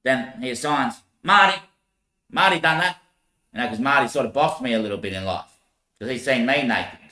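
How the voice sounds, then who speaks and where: A man's voice: mid-range voice, brisk, bright, forceful tone, echoey room. A man rambling through a loose monologue, often laughing and swearing.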